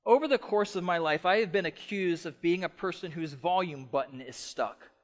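Speaking at a normal speed in a high voice, a middle-aged pastor delivers his sermon with passion. Loud, emphatic bursts give way to soft, quiet passages.

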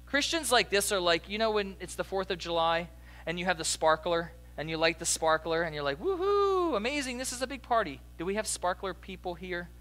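A young adult male pastor delivers a sermon in a loose, conversational way, telling stories and tossing questions to the congregation. His voice sits high for a man and sounds bright and forward. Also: fairly quick, soft background music. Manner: conversational, animated storytelling with audience asides.

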